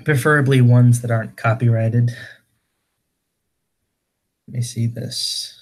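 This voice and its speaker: Man, livestream host, mid pitch, stumbling self-correcting reading, casual chat. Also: fairly even intonation, a little slow, creaky.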